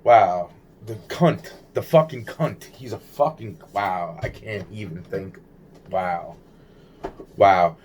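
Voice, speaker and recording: Man, lowish voice, rambling agitated storyteller, swears constantly, trails off and restarts. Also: slow, darkish tone, a little hiss or hum. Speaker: vlogger recounting personal experiences. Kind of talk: rambling personal storytelling monologue.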